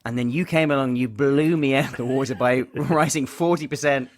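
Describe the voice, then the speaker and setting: On a podcast he co-hosts, a man with a mid-range voice keeps the chat casual, lively, and laughter-filled.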